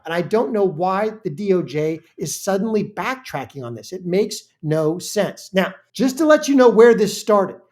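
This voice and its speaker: A woman's voice: mid-range voice, a little mellow. A woman hosting a political reaction channel, speaking in an indignant, emphatic way with frequent restarts. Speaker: political commentary host. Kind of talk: reaction commentary.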